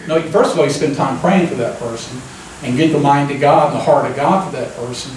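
A man preaching a conversational sermon, folksy and relaxed, often turning to the congregation with a quick "amen?". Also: mid-range voice, a little hiss or hum. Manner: folksy, keeps asking the crowd "amen?". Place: church sanctuary. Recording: echoey church room, mic at a distance.

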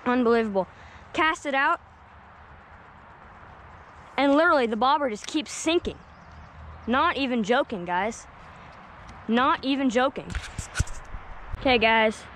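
A woman vlogging while fishing outdoors at a lake, excitable and keeps calling out to viewers. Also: fairly high pitch, a little hiss or hum. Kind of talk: excited outdoor vlog commentary. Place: outdoors at a lakeshore.

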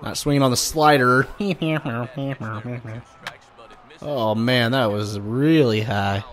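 A man commenting on his own baseball video game play, swearing and flaring up at bad pitches, and talking straight to his viewers. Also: extremely slow, a bit bright. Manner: swearing, frustrated outbursts at the game. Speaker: gaming YouTuber. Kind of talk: gameplay commentary.

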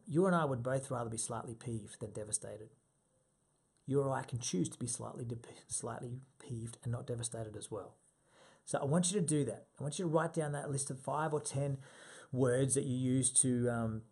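A man's voice: medium pitch, normal speed, a little mellow, slightly rough. A man coaching a group through an exercise, giving direct, repetitive instructions with fillers.

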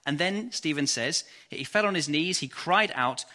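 An English man preaching an earnest, measured evening sermon and reading scripture aloud. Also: fairly high pitch, lively intonation, sharp tone.

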